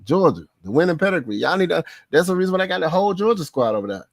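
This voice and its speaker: A man's voice: on the high side, big pitch swings, racing, no room sound, studio quality. A man hosting a live sports podcast, casual and slangy, laughing often and repeating himself for emphasis.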